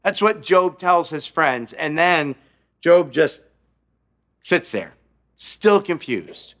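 A man preaches a sermon in a slow, unhurried way, with a fairly high voice. His tone is bright and forceful. He tells stories and acts out the quotes and jokes in them. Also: expressive. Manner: storytelling, acting out quotes with jokes. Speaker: pastor.

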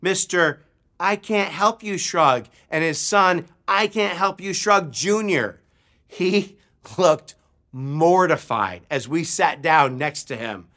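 A man's voice: fairly high pitch, slow pace. A man preaching a sermon as pastor, telling a story and acting out the people in it. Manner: animated, acts out shouts in his story. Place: church.

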